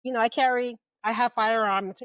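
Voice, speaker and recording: A woman's voice: fairly high pitch, normal speed, dry recording. Middle-aged woman telling a story animatedly. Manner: animated retelling, acting out quoted voices. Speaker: guest, police officer. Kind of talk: storytelling in an interview.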